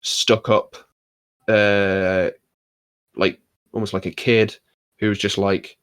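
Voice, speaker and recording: Rambling young man, low and dry. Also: flat delivery, takes it slowly, pauses often, fairly bright tone, clean tone, no echo. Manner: rambling, filler-heavy, wry. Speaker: podcast host. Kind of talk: casual chat about wrestling.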